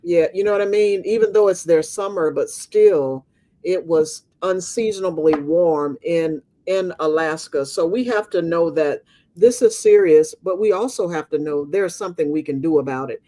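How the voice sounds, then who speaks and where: Male host, higher-pitched, mellow tone, chatty and informal with the guest. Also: moderate pace. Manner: chatty, conversational asides. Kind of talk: casual interview.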